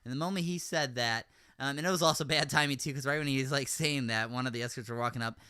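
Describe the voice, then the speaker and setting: A man hosting a podcast, recounting events in casual chat, rambling with many fillers and getting animated when he rants. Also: medium pitch, quick pace, smooth, no echo. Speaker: podcast host.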